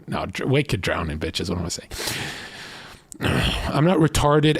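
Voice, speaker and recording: A man's voice: medium pitch, no echo. Blunt, profane man streamer. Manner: blunt, profane, animated storytelling. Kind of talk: casual dating advice rant.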